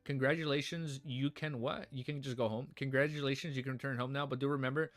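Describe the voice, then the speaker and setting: A man reading the lines of a brisk, stern male captain in a novel, in his own plain voice. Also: medium pitch, fairly even intonation, lightly acted. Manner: brisk, terse.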